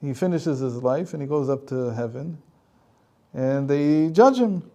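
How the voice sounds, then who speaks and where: A man's voice: fairly high pitch, animated, a little slow, mellow, dull audio. A man, a rabbi and teacher, telling a story in a conversational lecture with frequent chuckles.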